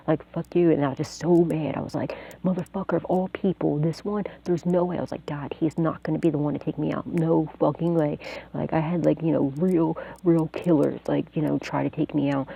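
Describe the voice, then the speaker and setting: A woman's voice: low voice, gravelly, warm tone, slightly rough, poor audio. A woman telling a rambling, profane story and then giving a tarot reading, with lots of fillers. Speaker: tarot reader, channel host. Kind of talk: casual monologue and tarot reading.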